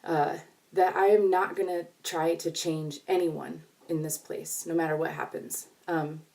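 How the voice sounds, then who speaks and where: A woman's voice: sits low, level tone, measured pace, vocal fry, darkish tone, far from the mic. A woman talking casually to her viewers in a chatty, reflective way with many fillers. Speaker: vlogger. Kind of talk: casual talk to camera.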